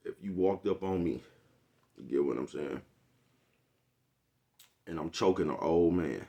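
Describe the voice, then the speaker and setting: A man with a deep, low voice rambles through a casual monologue to his viewers. He swears freely and keeps asking whether they know what he is talking about. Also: steady tone, moderate pace, pauses often, mellow. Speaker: vlogger.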